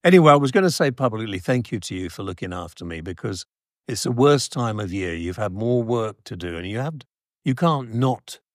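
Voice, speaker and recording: A man's voice: fairly low pitch, lively intonation, brisk, no room sound, studio quality. A middle-aged man with a Geordie accent, rambling and self-deprecating in a casual chat with his wife.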